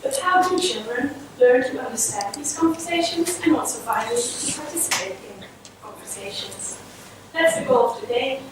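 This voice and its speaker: Woman researcher, high voice, explanatory conference talk; distant mic, noisy hall. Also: normal speed. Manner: explanatory, steady lecturing. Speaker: child language researcher. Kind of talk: conference presentation.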